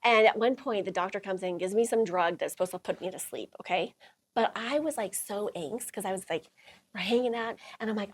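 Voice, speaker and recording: A woman's voice: mid-range voice, brisk, a little hiss or hum. A middle-aged woman hosting a talk, telling a personal story to a small audience, laughing often and acting out quotes. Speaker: host.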